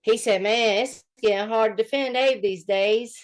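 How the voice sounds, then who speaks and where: A woman from Alabama with a Southern accent, co-hosting a casual gossip chat and telling stories in a mocking, animated way. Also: a little high, normal speed. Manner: animated, mocking storytelling with laughter. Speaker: co-host.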